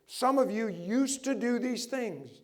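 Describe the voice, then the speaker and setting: A middle-aged man preaching a sermon to his congregation, animated, asking the room rhetorical questions. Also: extremely high pitch, measured pace. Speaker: pastor.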